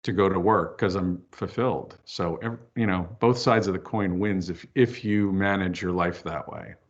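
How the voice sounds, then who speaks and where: A man's voice: low-pitched, moderate pace. A man, a filmmaker and author being interviewed, talking candidly and telling stories. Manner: candid, storytelling, lively asides. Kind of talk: casual interview chat. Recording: dull lo-fi audio.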